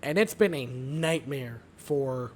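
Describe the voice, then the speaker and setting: A hoarse young man with a raspy, sore-throated voice, recapping a baseball game in a calm, casual way. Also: medium pitch, slow, a little hiss or hum. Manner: aims for calm, mellow delivery. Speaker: fan recapping baseball games.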